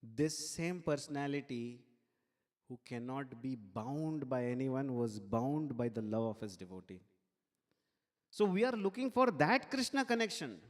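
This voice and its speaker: A man giving a devotional sermon at a temple, telling a sacred story in an animated way and laughing along with it. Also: mid-range voice, unhurried. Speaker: temple speaker. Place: temple hall. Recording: long hall reverb.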